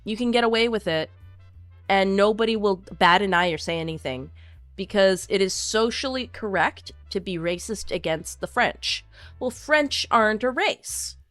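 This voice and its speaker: A woman streamer in casual chat reading viewer comments, animated and opinionated, with lots of fillers. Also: mid-range voice, moderate pace, no echo, soft background music.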